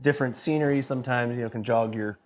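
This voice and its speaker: Excitable rambling man telling a story. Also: medium pitch, fast talker. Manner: excitable, rambling, swears freely. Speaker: guest band member. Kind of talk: casual anecdote telling.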